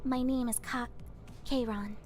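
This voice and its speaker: A woman voicing a dry, unimpressed young woman who speaks flatly and deadpan. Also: a little high, measured pace, natural voice.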